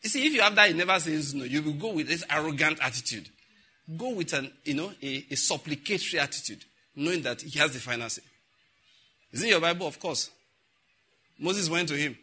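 A man's voice: a little high, expressive, brisk, pushed and bright, husky. A man preaching a sermon, telling stories and acting out the dialogue. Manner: storytelling, acting out dialogue, frequent laughter.

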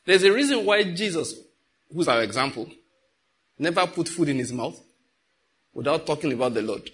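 Middle-aged pastor, slightly raised pitch, conversational sermon with questions to the congregation. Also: male voice, animated, moderate pace, fairly bright tone.

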